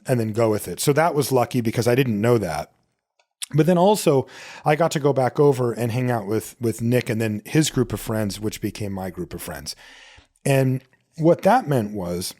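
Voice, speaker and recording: A man's voice: mid-range voice, moderate pace, darkish tone. A man hosting a podcast on his own, telling a personal story in a loose, rambling way that often corrects itself. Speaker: podcast host. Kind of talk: casual solo podcast talk.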